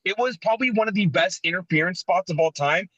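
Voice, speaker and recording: Excited man telling wrestling stories. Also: high-pitched, fast talker, dry recording, muffled recording. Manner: animated, sentimental storytelling. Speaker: podcast co-host. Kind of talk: casual wrestling podcast chat.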